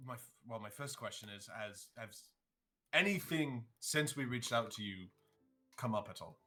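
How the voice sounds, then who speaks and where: Male player in character, hesitant, forceful bright tone. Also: medium pitch, expressive, moderate pace, faint music behind. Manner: hesitant, laughing. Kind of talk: playing a character in a tabletop game.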